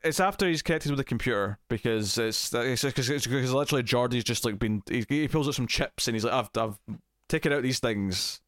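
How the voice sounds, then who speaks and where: Man, casual podcast talk, rambling recap, acts out quotes, mid-pitched voice, dry close sound. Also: quick pace, hardly any pauses, fairly bright tone, no room sound. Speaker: podcast co-host. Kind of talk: casual chat, recapping a TV episode.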